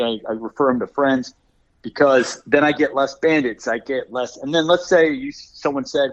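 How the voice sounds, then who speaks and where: A man's voice: medium pitch, moderate pace. A man from Arizona, a guest artist, talking enthusiastically over the phone in a casual interview. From Arizona, USA. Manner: enthusiastic, rambling with restarts. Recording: dull phone-line sound.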